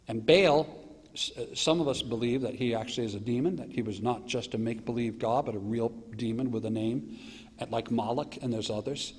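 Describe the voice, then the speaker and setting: Lively American pastor in a reverberant church. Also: male voice, mid-range voice, moderate pace, slightly rough. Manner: animated storytelling, mocking asides and acted quotes. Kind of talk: sermon. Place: church sanctuary. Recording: live church stream with long hall reverb.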